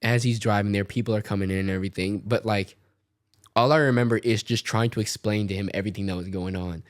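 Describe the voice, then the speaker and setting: A young man telling a story casually on a podcast, animated and quoting voices as he goes. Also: on the low side, fast, no room sound, studio quality. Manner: animated, tells stories with quoted voices.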